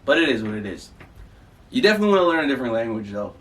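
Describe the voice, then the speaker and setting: A man from Jamaica co-hosting a casual podcast, relaxed and chatty, often asking "you know what I mean". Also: mid-range voice, racing, distant mic. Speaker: podcast co-host.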